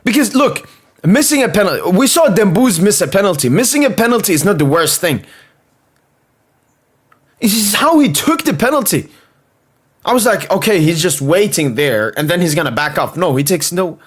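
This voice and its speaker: A young man hosting a live football watchalong, reacting loudly and swearing at the match. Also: high-pitched, normal speed, breathy edge. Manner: excitable, swears and shouts at the screen.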